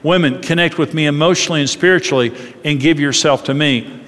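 Recorded in a large hall with long reverb, this fairly quick, animated middle-aged man has a fairly high voice. He gives a sermon-like marriage talk, acting out little voices as he tells stories.

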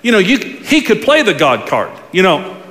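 A man preaching a sermon, telling stories with lively pacing and acting out the voices of the people he quotes. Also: sits high, normal speed. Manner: animated storytelling, acts out quoted voices. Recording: long reverb of a large hall.

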